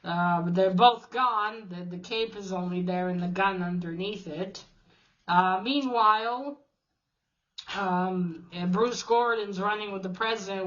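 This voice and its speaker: A woman recaps a comic book story in loose, casual talk, cursing freely and tossing off quick character voices. Her pitch sits at an ordinary middle for a woman. The recording sounds dull and lo-fi. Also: a bit bright. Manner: chatty, swears often, reads quotes in quick put-on voices.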